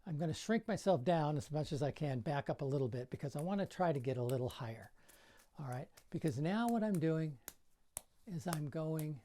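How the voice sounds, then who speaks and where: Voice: medium pitch, animated, brisk, mellow, slight background noise. An older juggling coach giving a casual tutorial in a bedroom, counting throws aloud as he demonstrates and coaching in plain, encouraging words.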